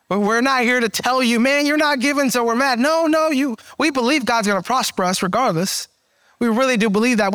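A man's voice: high voice, fairly bright tone, no echo, clean studio sound. A man preaching a sermon in a conversational way, acting out quoted voices as he goes. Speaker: pastor.

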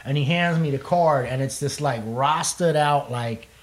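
A man's voice: fairly high pitch, a little slow. A young man, a musician, telling a long rambling story in casual chat, swearing freely and laughing often. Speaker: guest musician.

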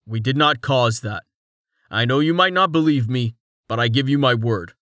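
A man's voice: mid-range voice, moderate pace, sharp tone, no echo, clean studio sound, lightly acted. A man reading aloud, voicing a firm young male leader who speaks to carry. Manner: firm, commanding.

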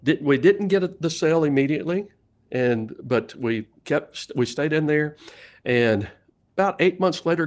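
A middle-aged man with a Southern US accent tells sales stories in a relaxed interview. He laughs often and restarts his sentences as he talks. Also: medium pitch, moderate pace. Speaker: sales leadership coach and guest. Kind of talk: casual storytelling interview.

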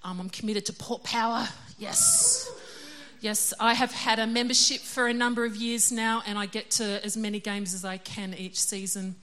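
A woman's voice: mid-range voice, little pitch movement, normal speed, few pauses, sharp tone. A middle-aged woman giving a casual, chatty sermon. She is self-deprecating and laughs often. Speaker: preacher.

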